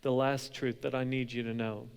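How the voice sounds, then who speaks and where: A young adult man preaching a sermon as pastor, moving between hushed, intense passages and loud, animated storytelling. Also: medium pitch, normal speed, gravelly, clear, resonant tone.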